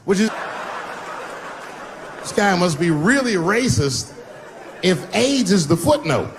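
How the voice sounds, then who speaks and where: A man in his fifties doing a stand-up routine on stage, swinging from loud bursts to low mutters. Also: expressive, slow pace, pauses often. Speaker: stand-up comedian. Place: stage before a live audience. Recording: live show with loud crowd noise. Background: audience laughter.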